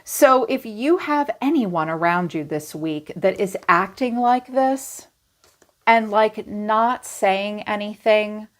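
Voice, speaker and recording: A woman's voice: medium pitch, takes it slowly, hardly any pauses. Chatty, blunt woman reading tarot. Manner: blunt, chatty, swings into playful quoted voices. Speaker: tarot reader. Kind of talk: casual tarot reading to camera.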